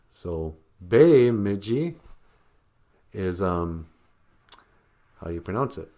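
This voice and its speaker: A man's voice: fairly low pitch, very animated, extremely slow, long pauses, a little mellow. A man from Minnesota, hosting a show in a casual joking monologue, rambling and chuckling often. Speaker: show host.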